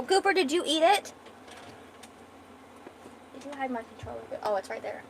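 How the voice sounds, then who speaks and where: Young woman streamer chatting while she draws, kinda high voice, swears a lot. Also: expressive, normal speed, creaky, noisy background. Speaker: art streamer. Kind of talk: casual livestream chat while drawing.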